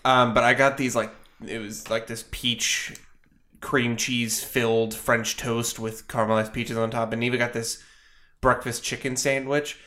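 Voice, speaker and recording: A man hosting a laid-back podcast conversation among friends. His voice sits at an ordinary middle pitch, and he rambles along through plenty of fillers and restarts. The tone stays easygoing and conversational. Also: flat delivery, measured pace, pushed and bright. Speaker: podcast host. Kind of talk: casual chat.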